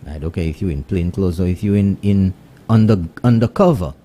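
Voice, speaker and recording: Deep-voiced Saint Lucian radio host. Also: male voice, fairly quick. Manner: switches between English and Kweyol, animated greetings. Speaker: radio morning show host. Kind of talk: casual radio chat and shout-outs.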